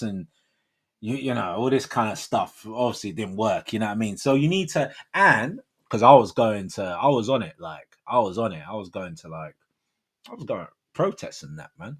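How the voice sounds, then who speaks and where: Give me a man in his forties who rambles in slang with lively ups and downs. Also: on the low side, normal speed, breathy edge. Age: 40s. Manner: slangy, rambling and laughing often. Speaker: livestream host. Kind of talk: casual chat.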